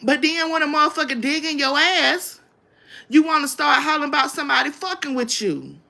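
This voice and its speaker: A woman hosting her own livestream rants bluntly and confrontationally, swearing constantly. Her high voice is bright and edgy with gravelly fry, and she talks a little fast with lively intonation.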